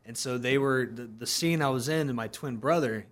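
A man's voice: medium pitch, normal speed. A man from South Carolina, a guest musician in a casual interview, telling stories animatedly and acting out quoted dialogue.

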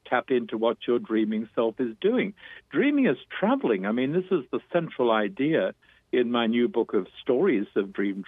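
A man with a New York accent, an author and dream teacher, explaining fervently and fast as an interview guest, with frequent restarts. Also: mid-range voice, slightly rough, dry recording. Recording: tinny phone line.

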